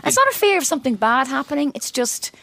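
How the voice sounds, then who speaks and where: A woman's voice: high-pitched, sing-song, quick pace, pushed and bright, no echo. An Irish woman co-hosting a podcast, chatting and telling stories with easy laughter. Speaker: podcast co-host. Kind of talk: casual chat.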